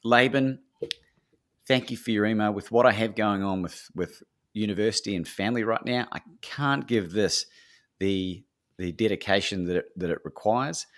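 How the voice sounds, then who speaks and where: A man's voice: lowish voice, moderate pace, lightly acted. A man voicing a polite American woman author with a Texan accent, speaking graciously on the phone. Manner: gracious, composed phone manner.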